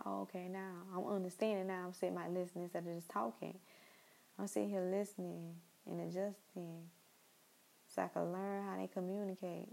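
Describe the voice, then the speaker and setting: Gravelly-voiced young woman chatting casually. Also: lowish voice, a little mellow, rough recording. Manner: chatty and rambling, with repeated asides to listeners. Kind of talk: casual monologue.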